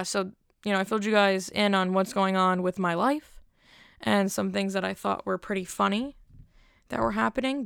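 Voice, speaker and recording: Young woman solo podcast host, rambling and self-deprecating, gravelly but smooth voice, dry close sound. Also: medium pitch, no echo. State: cold, stuttering a little. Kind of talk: casual solo podcast chat.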